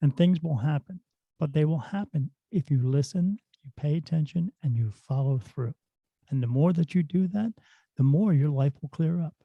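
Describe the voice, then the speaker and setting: A middle-aged man, a spirit medium guest on a podcast, telling stories in a lively, casual way. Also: on the high side, moderate pace, creaky, dry recording. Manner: animated storyteller who acts out dialogue. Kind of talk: casual storytelling in a podcast interview. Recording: dull, dry lo-fi sound.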